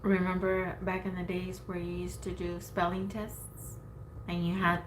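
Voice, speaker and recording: Low-voiced woman co-host chatting casually. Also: level tone, measured pace, a little hiss or hum, low-quality recording. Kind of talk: casual chat, reading viewer names.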